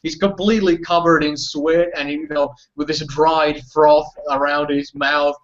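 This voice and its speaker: A man's voice: on the high side, level tone, a little slow. A man narrating a tabletop game as game master, rambling and full of fillers. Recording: muffled lo-fi audio.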